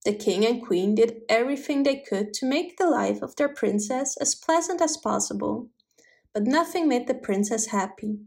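A woman reading a fairy tale aloud, her narration clear and steady, pitched a little high. She keeps an even storybook pace from line to line. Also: moderate pace.

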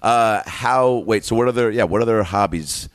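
A man's voice: fairly low pitch, normal speed, no room sound. A man co-hosting a podcast, riffing with jokes in casual chat. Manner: jokey, riffing on bits. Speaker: podcast co-host.

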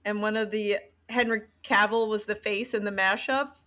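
A woman co-hosting a podcast jokes bluntly in casual chat about a film. Her mid-range voice is bright and forceful, with fairly even intonation and a moderate pace.

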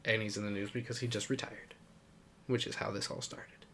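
A man's voice: on the low side, little pitch movement, brisk, gravelly, a bit bright, slight background noise. A man co-hosting a podcast, chatting casually about sports, rambling and laughing often. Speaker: podcast co-host.

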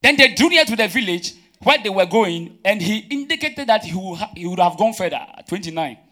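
A man preaches to his church. He fires questions for the congregation to answer and swings between loud emphatic bursts and quiet asides. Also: high voice, expressive, fairly quick. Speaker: pastor. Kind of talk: sermon.

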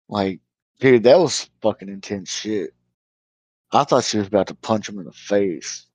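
A man chatting on a podcast, animated, retelling scenes and swearing a lot. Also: lowish voice, normal speed, no echo, low-quality recording. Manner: animated storyteller, swears a lot, acts out characters' lines. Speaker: podcast co-host. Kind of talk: casual review chat.

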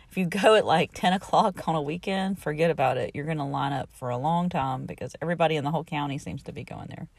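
A woman's voice: deep voice, fast, vocal fry, no echo. A middle-aged woman, telling everyday stories in a chatty, exasperated way and laughing between remarks. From Southern United States. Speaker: podcast host. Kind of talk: casual storytelling monologue.

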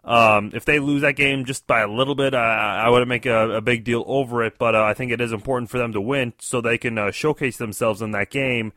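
Bright-voiced man, hesitant sports caller. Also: mid-range voice, fairly even intonation, brisk, hardly any pauses, no room sound, clean studio sound. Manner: hesitant, many fillers and restarts. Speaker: caller, fellow show host. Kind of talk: casual phone-in sports commentary.

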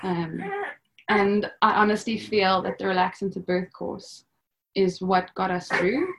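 A woman's voice: mid-range voice, steady tone, unhurried, vocal fry. A young woman telling her own story as a podcast guest, chatty, with many fillers and bits of quoted dialogue. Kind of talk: personal storytelling.

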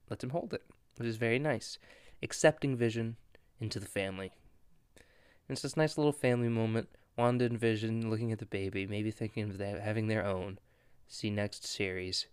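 A man's voice: mid-range voice, clean tone, no room sound, studio quality. A man hosting a podcast, recapping a comic story in a chatty, wry way. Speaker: podcast host. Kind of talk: casual comic book recap.

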